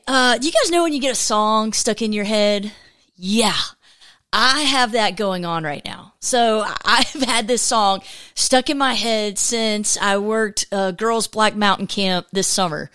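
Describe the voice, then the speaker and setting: A woman's voice: a little high, a bit bright, clear, resonant tone. A woman hosting a casual faith podcast, upbeat and chatty, rambling with many restarts. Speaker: podcast host.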